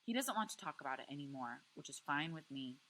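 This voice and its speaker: A woman teacher reading a novel aloud to a class with expressive, lively storytelling. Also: deep voice, quick pace, poor audio.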